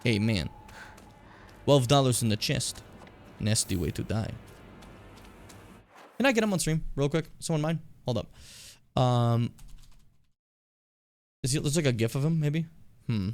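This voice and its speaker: A man streaming a game, chatting and rambling in a casual, animated way between game lines. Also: mid-range voice, measured pace, long pauses. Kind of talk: casual gameplay commentary.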